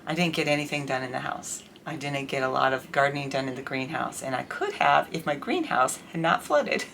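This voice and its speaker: A middle-aged woman talking candidly to camera in a casual vlog, telling an indignant, animated story about her life. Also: a bass voice, fairly quick, gravelly, a little hiss or hum. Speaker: vlogger.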